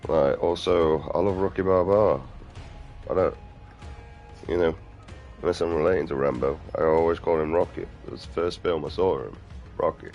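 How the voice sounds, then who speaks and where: A man's voice: sits low, steady tone, normal speed, pauses often, dull audio, faint music behind. A middle-aged man, rambling crudely and outspokenly in a casual vlog monologue. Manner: crude, outspoken, mumbling asides. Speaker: vlogger.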